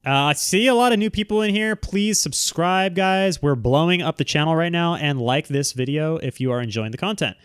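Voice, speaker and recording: A man's voice: fairly high pitch, animated, normal speed, few pauses, smooth, no echo. Frank, rambling man, dry sound. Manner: rambling, frank, many restarts. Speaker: livestream host. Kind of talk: casual chat reading viewer comments.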